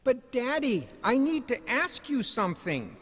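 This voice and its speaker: A man's voice: wildly swooping pitch, unhurried, a bit bright, exaggerated voice. A man voicing a small pleading four-year-old boy while telling a story in a commencement speech. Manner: high, pleading little-boy voice. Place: commencement ceremony hall. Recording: large hall reverb.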